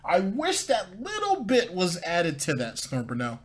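A man's voice: high-pitched, big pitch swings, moderate pace. A man hosting a casual commentary show, reacting sarcastically to clips and often stumbling and repeating words as he talks. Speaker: commentary host.

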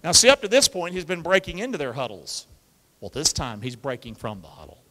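A male pastor preaching an animated call-and-response sermon, coaxing the congregation to repeat after him and using football pep-talk imagery. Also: on the high side, a little fast. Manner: energetic, coaxes the congregation to repeat lines. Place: church sanctuary with a congregation. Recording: long reverb of a large church hall.

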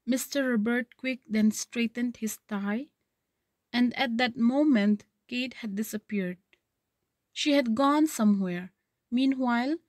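Brief: woman teacher, higher-pitched voice, reads then retells a story for students. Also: a little mellow, no room sound. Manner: reads a passage then paraphrases it, with checking "okay". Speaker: literature teacher. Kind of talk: reading a story aloud and explaining it.

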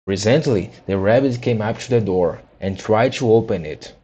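A man reading a children's book aloud, halting with frequent restarts and repeated words. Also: on the low side, warm tone, slightly rough, dull audio. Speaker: audiobook reader.

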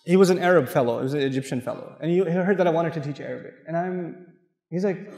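A man from Pakistan giving an animated, humorous sermon, telling stories to a mosque audience. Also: a little high, quick pace, vocal fry. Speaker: Islamic lecturer. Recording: echoey hall with long reverb.

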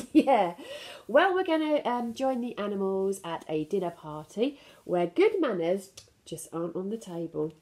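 A woman hosting a children's storytime, reading a picture book aloud in a gentle, sing-song way with soft laughs. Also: medium pitch, lively intonation, measured pace.

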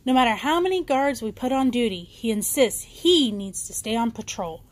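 A woman's voice: a little high, expressive, normal speed, close to an everyday voice. A woman voicing a dutiful palace guard in a bedtime storybook reading, explaining things earnestly.

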